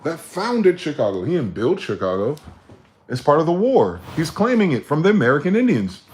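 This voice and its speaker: A man hosting a livestream, ranting with profanity, repeating words in chains and breaking into sudden high-pitched shouts. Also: very animated, normal speed. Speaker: livestream host. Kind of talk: livestream monologue.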